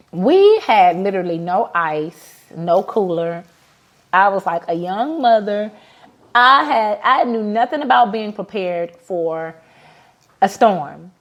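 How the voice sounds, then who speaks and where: A woman's voice: medium pitch, muffled recording. A woman in her thirties, a business owner hosting a casual motivational talk, telling personal stories in a heartfelt way with many fillers. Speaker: business owner and podcast host.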